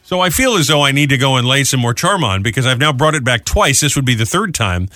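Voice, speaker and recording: A man's voice: mid-range voice, expressive, fast, sharp tone, no echo. A middle-aged man co-hosting a morning radio show, rambling through chatty, self-mocking stories in a studio. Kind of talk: casual on-air banter. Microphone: studio microphone.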